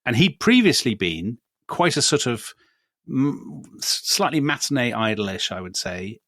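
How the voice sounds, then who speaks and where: A man's voice: mid-range voice, sing-song, unhurried, fairly bright tone, no room sound, clean studio sound. An English man co-hosting a casual history podcast, making wry, mock-indignant jokes. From England. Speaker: podcast co-host.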